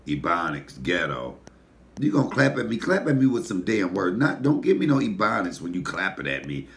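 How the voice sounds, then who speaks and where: A man with a deep voice, hosting a casual mukbang and telling animated, profane stories while he eats. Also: brisk. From Detroit, USA. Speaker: comedian and mukbang host. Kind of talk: casual storytelling while eating.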